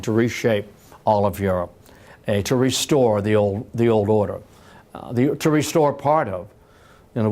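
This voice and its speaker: A man's voice: on the low side, darkish tone. A man giving a public history lecture in a library, telling it conversationally with frequent restarts and repeated words. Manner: conversational storytelling with many restarts.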